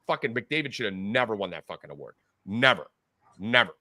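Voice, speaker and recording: A man hosting a sports podcast, ranting loudly and emphatically with lots of swearing in a heated argument. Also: on the low side, sing-song, brisk, dry recording, studio quality. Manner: loud, profane, emphatic ranting. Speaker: podcast host.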